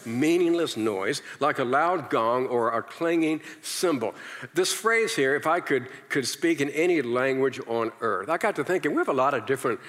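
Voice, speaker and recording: Pastor preaching in a reverberant church. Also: male voice, medium pitch, normal speed. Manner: animated, engages the congregation with call-and-response; repeats words and restarts often. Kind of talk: sermon. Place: large church hall. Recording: long hall reverb.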